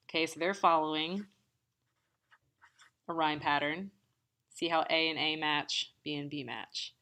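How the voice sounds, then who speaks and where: A woman's voice: deep voice, steady tone, measured pace, long pauses, bright, forceful tone. A woman teacher explaining poetic form step by step, patiently walking through a poem line by line. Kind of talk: classroom lesson on poetry.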